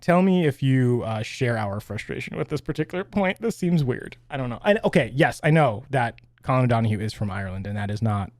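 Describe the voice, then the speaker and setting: A man co-hosting a podcast in casual chat, animated, often laughing, his pitch jumping up when excited. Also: a little fast, hardly any pauses, no room sound, studio quality. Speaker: podcast co-host.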